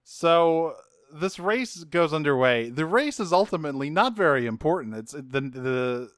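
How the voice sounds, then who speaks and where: Man, podcast co-host, laid-back recap, smooth voice, dry close sound. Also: on the high side, animated, unhurried, dry recording. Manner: laid-back, swears, laughs often. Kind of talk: casual chat recapping a cartoon.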